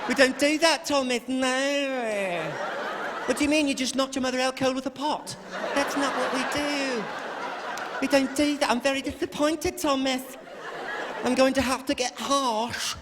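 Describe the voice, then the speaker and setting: A man voicing a calm, prim female nanny with a put-on English accent, measured and unflappable. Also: very high voice, heavy background noise, pitched above the performer's own voice. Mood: stern calm. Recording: echoey hall, crowd laughter.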